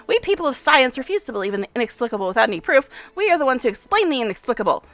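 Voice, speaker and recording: Woman reading as a nutty lady scholar, high voice that swoops all over, brisk and lecturing, game dialogue. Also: sing-song, fairly bright tone, no echo. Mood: eccentric. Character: eccentric, excitable female scholar obsessed with science.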